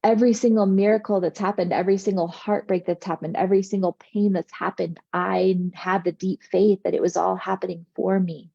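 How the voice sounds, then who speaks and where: A woman's voice: medium pitch, steady tone, fairly quick, creaky, hardly any pauses, warm tone, dry recording, dull audio. A middle-aged woman giving a motivational spiritual talk in an earnest, reassuring, soothing way. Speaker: spiritual coach.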